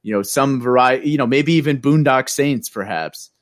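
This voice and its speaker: A man with a mid-pitched voice rambles through his points in a casual podcast chat. He hesitates often and fills pauses with "uh" and "you know." His voice is recorded close and dry. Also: dry recording. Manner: rambling, hesitant, full of fillers. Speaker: podcast co-host.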